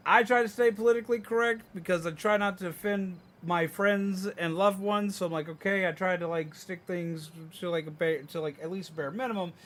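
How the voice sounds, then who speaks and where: High-voiced man ranting on a stream. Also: a little fast, few pauses. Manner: animated ranting, mimicking people in mocking voices; frank, swears freely. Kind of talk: casual livestream rant while gaming.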